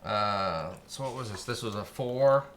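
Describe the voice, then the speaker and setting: A man co-hosting a casual chat, halting and restarting his sentences in a loose, chatty way. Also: on the low side, a crowd in the background. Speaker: co-host.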